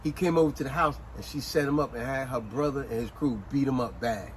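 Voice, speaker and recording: A man hosting a casual book review chat, retelling scenes as an animated storyteller with street slang. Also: medium pitch, fast, slight background noise, low-quality recording. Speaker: host.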